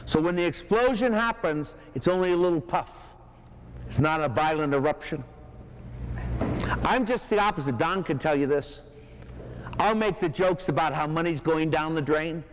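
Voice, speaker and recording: High-voiced man preaching in a church hall. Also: animated, moderate pace, clean tone. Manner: conversational, repetitive emphatic cadences. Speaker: parish mission preacher. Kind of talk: sermon. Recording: reverberant church hall, faint noise.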